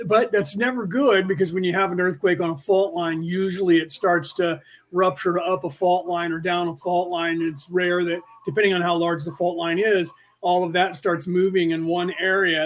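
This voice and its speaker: A man in his forties from California talks through a casual podcast livestream in a fairly high voice. His speech wanders, full of restarts and self-corrections, as he chats with his listeners. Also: fairly bright tone. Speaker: podcast host.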